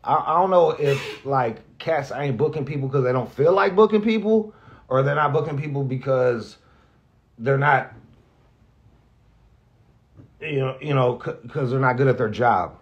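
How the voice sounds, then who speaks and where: A man, a radio host, talks candidly and off the cuff, halting and restarting often, with lots of profanity and earnest emotion. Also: medium pitch, lo-fi sound. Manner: halting, rambling, heavy profanity, frequent restarts; earnest, emotional about being grateful. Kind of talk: candid off-the-cuff vlog talk.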